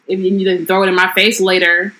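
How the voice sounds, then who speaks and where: A woman's voice: mid-range voice, flat delivery, fairly quick, bright, forceful tone, low-quality recording. Casual, profane woman reading aloud. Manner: casual, profane, reads passages aloud then riffs. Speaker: podcast co-host reading a book aloud. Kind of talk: casual book-discussion podcast.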